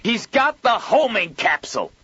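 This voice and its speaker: A man voicing a hot-tempered male storesman who shouts curses in a rapid, slurred voice. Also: mid-range voice, sing-song, dull audio, voice pushed up. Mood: furious.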